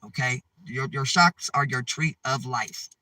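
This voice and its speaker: A man's voice: medium pitch, fairly even intonation, moderate pace, bright, forceful tone, no room sound, far from the mic. A man giving a preachy spiritual monologue to his viewers, repeating himself urgently and checking in with "okay?". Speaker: spiritual advice channel host.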